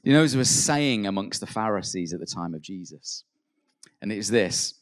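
A man preaching a sermon in an earnest way. He rises to emphatic peaks, then drops soft, and acts out quoted prayers. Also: fairly low pitch, lively intonation, fairly quick.

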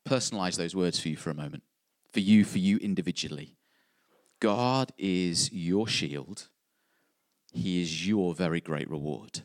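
A man's voice: sits low, unhurried, dry recording, clean studio sound. A man preaching a sermon, earnest and repeating key phrases for emphasis.

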